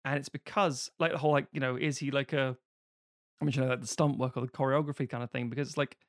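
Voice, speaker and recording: A man's voice: medium pitch, fast talker, dry recording, clean studio sound. A man hosting a casual podcast chat, telling film anecdotes and acting out quotes. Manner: animated storyteller acting out quotes. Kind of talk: casual chat about accents and films.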